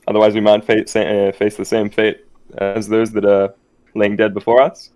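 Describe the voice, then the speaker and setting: A man's voice: on the low side, flat delivery, moderate pace, darkish tone. A man playing in a tabletop game over voice chat, talking hesitantly with many fillers as he plans his moves. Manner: hesitant, full of um and like. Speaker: player. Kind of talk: casual game talk.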